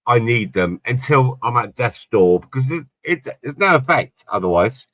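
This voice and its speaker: A man's voice: medium pitch, very animated, normal speed, fairly bright tone, highs cut off. A middle-aged man on a late-night chat stream, telling rambling personal stories and swearing casually. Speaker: podcast panelist.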